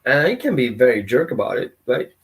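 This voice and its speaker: A man's voice: medium pitch, very animated, a little fast. A man teaching as a dog trainer in a casual, conversational way, often asking his audience questions. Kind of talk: informal teaching talk.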